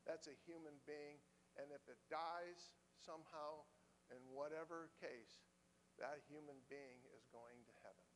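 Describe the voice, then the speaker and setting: A man with a high voice preaches a sermon, talking to the congregation in a loose, conversational way and circling back on his phrases for emphasis. His voice carries with a long reverb through a church sanctuary, over a faint hum. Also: measured pace, fairly bright tone.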